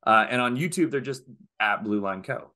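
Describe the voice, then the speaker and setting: A man hosting a casual podcast, upbeat and quick to laugh as he wraps up the show. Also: lowish voice, expressive, sharp tone. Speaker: podcast host.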